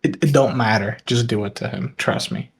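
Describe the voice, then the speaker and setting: A man's voice: mid-range voice, moderate pace, a little hiss or hum. Teasing man egging on his friends. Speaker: stream guest. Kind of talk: casual gaming stream chat.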